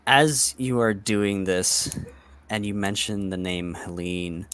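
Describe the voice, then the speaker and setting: A man narrating a tabletop game as the game master, deliberate and slow. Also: lowish voice, a bit bright, smooth.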